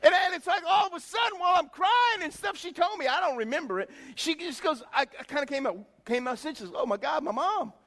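High-voiced man preaching in a reverberant church. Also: brisk, few pauses, bright, forceful tone. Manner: folksy, preachy, calls out to the congregation. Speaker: pastor. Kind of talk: sermon. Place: church sanctuary.

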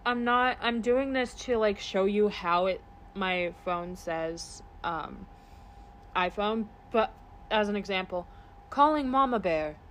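A woman's voice: medium pitch, unhurried, a little hiss or hum. Swearing, ranting woman in casual chat. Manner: swears freely, animated rants. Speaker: podcast co-host.

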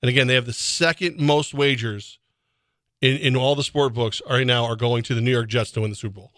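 A man's voice: mid-range voice, steady tone, a little fast, fairly bright tone, no echo. A man co-hosting a sports radio show, talking casually with laughing asides and loose, rambling tangents. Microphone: studio microphone.

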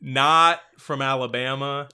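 A man co-hosting a casual podcast about a movie, animated and profane, laughing often. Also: mid-range voice, takes it slowly, clean tone. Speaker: podcast co-host. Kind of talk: casual film discussion.

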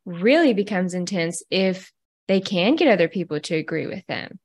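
Calm woman therapist explaining. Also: fairly low pitch, normal speed. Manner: calm, clear, explaining like a counselor. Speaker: psychotherapist guest. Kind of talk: explanatory interview talk.

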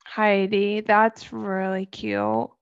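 A woman's voice: medium pitch, very animated, very slow, clear, resonant tone, no echo. Teasing young woman, dull dry recording. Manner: teasing, laughs often, swears. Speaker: podcast co-host. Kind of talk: casual chat.

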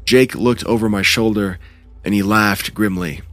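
A low-voiced man telling a first-person horror story, measured and tense in his pacing. Faint music plays softly beneath his voice. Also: steady tone. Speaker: narrator.

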